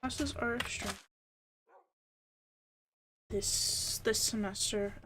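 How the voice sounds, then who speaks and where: A woman's voice: mid-range voice, very slow, noisy background. A young adult woman streaming a game, chatting casually and rambling with lots of fillers. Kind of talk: casual chat while gaming.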